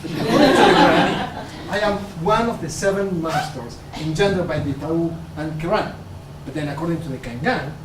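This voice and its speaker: A man playing a wry, knowing ancient god who lectures the others with gentle amusement, in a stage play. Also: fairly high pitch, moderate pace, far from the mic, natural voice. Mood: amused. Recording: roomy stage, picked up from afar, noisy.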